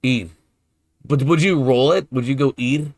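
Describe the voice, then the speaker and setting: Halting, curious male streamer, dry sound. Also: mid-range voice, darkish tone, no echo. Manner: hesitant, repeats words while puzzling over pronunciation; curious and playful. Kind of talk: casual chat with viewers while gaming.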